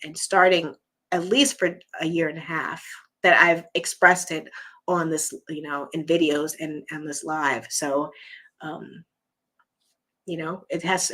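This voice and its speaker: A woman's voice: fairly low pitch, sharp tone. A woman hosting a casual live chat, chatty and encouraging, reading viewer comments and losing her voice. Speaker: livestream host.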